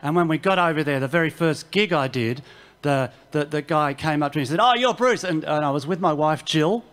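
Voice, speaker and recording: A man's voice: a little high, a little fast. An Australian man, a singer-songwriter, telling wry, self-mocking stories between songs on a festival stage. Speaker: singer-songwriter performing live. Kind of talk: joking between-song stage patter. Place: outdoor music festival stage. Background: loud acoustic guitar.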